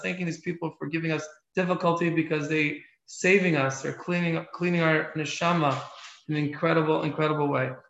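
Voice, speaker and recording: A man with a fairly high, gravelly voice teaches an evening Torah class. He speaks earnestly and keeps circling back to repeat key phrases. The recording is roomy and echoey, with a dull lo-fi sound. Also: fairly bright tone.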